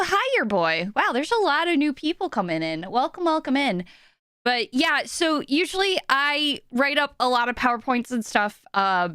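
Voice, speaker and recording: A woman's voice: on the high side, bright, forceful tone, clean tone, dry recording. A young woman streaming live, chatting in a flustered, rambling way with lots of fillers and restarts, emotional and close to tears. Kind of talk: casual live-stream chat. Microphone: desk microphone.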